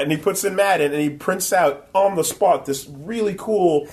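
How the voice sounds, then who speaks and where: A man chatting casually on a podcast, telling convention stories with plenty of "like" and "um." He jumps into other people's voices when he quotes them, pitching his voice up for their lines. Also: normal speed. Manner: animated storyteller, acts out quotes in a high voice. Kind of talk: casual chat.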